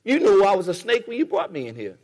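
A man voicing a cold, unrepentant snake with a drawn-out hiss, inside a sermon story. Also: high voice, huge pitch swings, vocal fry, darkish tone, exaggerated voice. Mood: sly. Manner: hissing.

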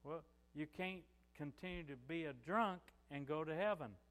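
A man's voice: a little high, normal speed, fairly bright tone, big-room sound. An older man preaching a sermon as pastor, in a conversational way with many "you know" fillers.

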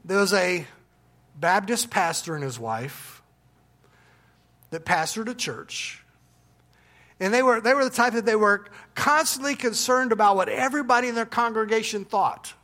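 Male pastor, high voice, relaxed storytelling sermon, church. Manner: relaxed storytelling with restarts and asides. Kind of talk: sermon with a told joke.

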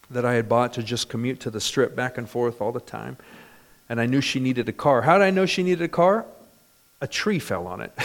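A male pastor preaching a sermon in a church, animated, with bursts of loud emphasis. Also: mid-range voice.

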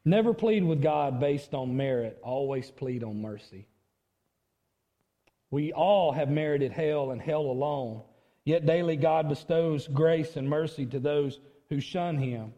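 High-voiced pastor guy preaching slow, emphatic, sometimes yelling out pleas. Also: long reverb tail, highs cut off. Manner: emphatic preaching with sudden high-pitched acted outcries. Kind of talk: sermon.

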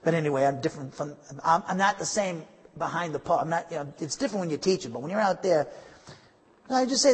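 A man's voice: a little high, lively intonation, quick pace, slightly rough, in a large hall. A man preaching a sermon as pastor, emphatic, with frequent asides and restarts.

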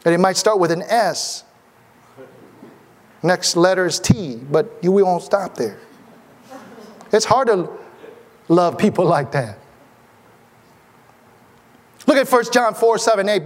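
A man preaching a sermon in church, with animated, rising exclamations. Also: high voice, takes it slowly, pauses often. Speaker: pastor. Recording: long hall reverb.

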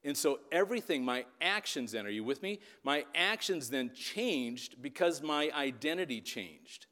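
A man's voice: mid-range voice, animated, normal speed, bright, forceful tone. A man in his fifties from the Upper Midwest of the US, telling a story in a sermon and often checking in with his listeners. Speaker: preacher and youth leader. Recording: long reverb of a large hall.

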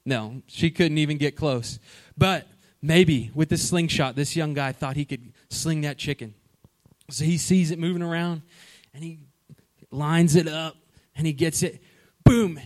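A man preaching a sermon, telling a story with animated delivery and questions to the congregation. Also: fairly high pitch, a little slow. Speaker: pastor.

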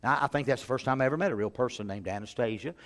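A middle-aged man preaching, telling funny stories in an animated way and often chuckling and clearing his throat. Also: medium pitch, very fast. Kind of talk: humorous sermon storytelling.

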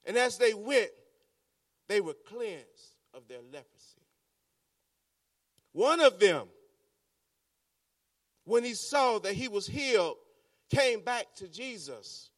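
Male pastor, sermon, repeats phrases, unhurried delivery, distant mic in a church. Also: sits high, very animated, no echo, clean studio sound.

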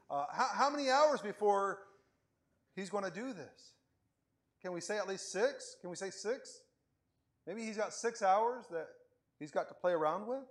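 A man preaching in a conversational way, asking rhetorical questions and restarting his sentences as he thinks aloud. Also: fairly high pitch. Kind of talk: conversational sermon.

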